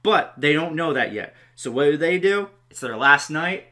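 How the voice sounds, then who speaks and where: A man's voice: fairly high pitch, lively intonation, normal speed, bright, forceful tone. A man co-hosting a podcast, recapping a horror film's plot in a plain, casual way. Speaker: podcast co-host. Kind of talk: casual film review chat.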